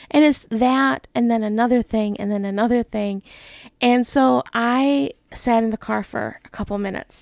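A woman's voice: on the high side, creaky, darkish tone, no room sound. A middle-aged woman who leads a ministry, talking candidly and emotionally, laughing often and rambling with "right?" tags. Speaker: ministry leader. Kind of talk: candid personal talk.

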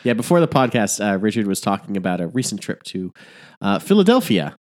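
Man, comedy podcast co-host, lively swooping pitch, playful ribbing, casual banter. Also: brisk.

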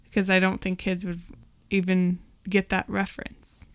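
A woman's voice: lowish voice, monotone, normal speed, clear, resonant tone, no echo. A woman in her thirties co-hosting a podcast, chatting casually with wry asides and lots of fillers. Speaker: podcast co-host. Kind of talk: casual movie rewatch chat.

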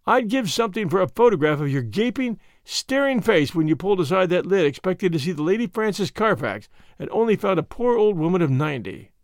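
A big, oily swindler in an audiobook, his voice pitched high and swinging widely between soothing and sneering, as a male reader puts him on. The sound is close and dry. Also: big pitch swings, brisk, few pauses, dry recording. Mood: jeering. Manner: oily, mocking. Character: burly unctuous swindler, smooth then sneering.

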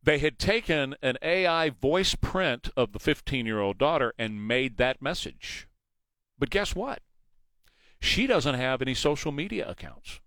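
A man's voice: mid-range voice, sing-song, a little slow, fairly bright tone, dry recording. A man hosting a morning news talk show, talking emphatically and asking rhetorical questions into a studio mic. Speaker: radio talk show host.

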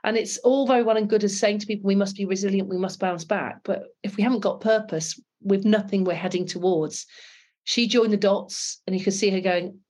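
Animated British woman telling stories. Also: medium pitch, brisk. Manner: earnest, animated, acts out quoted dialogue. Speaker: guest, former RAF pilot and author. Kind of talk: conversational interview storytelling.

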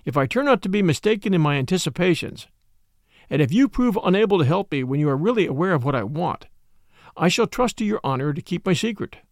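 A man narrating a classic novel in the first person, with expressive, measured storytelling. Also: sits high, dry recording, clean studio sound. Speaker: audiobook narrator.

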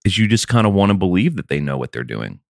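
A man with a very low, deep voice talks in loose, rambling podcast chat. His delivery is wry and profane, and the dry, close recording has almost no room sound. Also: very animated, fast, vocal fry, no room sound. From American South. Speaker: podcast co-host. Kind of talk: casual chat.

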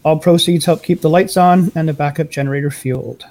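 A Canadian man co-hosting a podcast, reading a merchandise plug in a slow, deliberate way. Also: fairly high pitch, darkish tone. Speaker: podcast co-host.

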